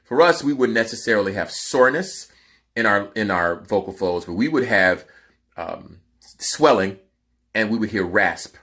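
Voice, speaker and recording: A man's voice: fairly low pitch, animated, normal speed, fairly bright tone. Tired-voiced man giving a vocal lesson. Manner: emphatic, instructive. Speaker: vocal coach.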